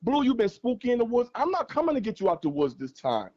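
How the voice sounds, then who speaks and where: This man speaks in a very high voice that swings hugely in pitch, moving at a quick pace with a darkish tone over a muffled recording. Calling in to a fan livestream, he argues passionately about sports and hammers his points home through repetition.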